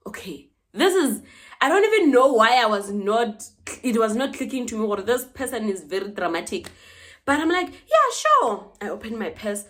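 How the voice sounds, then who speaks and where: A young woman with a South African accent tells a story to camera in a loose, chatty way. She slips into the other characters' voices and swings between hushed asides and bursts of animated disbelief, with a voice sitting at a middle pitch. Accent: South African English. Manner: animated, dramatic retelling with quoted dialogue. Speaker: vlogger. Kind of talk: casual storytelling.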